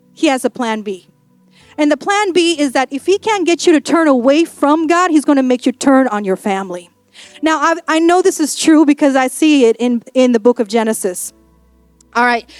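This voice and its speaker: High-voiced woman pastor, playful sermon. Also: no echo. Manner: playful, animated storytelling; sassy and emphatic.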